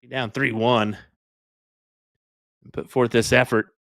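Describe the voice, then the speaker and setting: Dude doing darts color commentary, bright voice, dry close sound, laid-back. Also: male voice, mid-range voice, flat delivery, slow pace, no echo. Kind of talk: live sports commentary.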